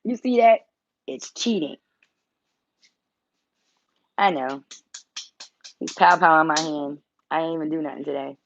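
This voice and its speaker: A woman's voice: low-pitched, measured pace, long pauses, highs cut off, a little hiss or hum. A woman hosting a casual livestream from home, blunt and teasing, swearing freely as she talks. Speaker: tarot reader and channel host.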